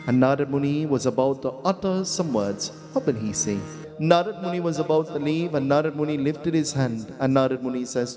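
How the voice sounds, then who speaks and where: A man's voice: medium pitch, darkish tone. A man with a Trinidadian accent, a pundit giving a folksy, humorous devotional sermon full of repeated phrases. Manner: folksy, humorous, repetitive storytelling. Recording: echoey hall with faint music.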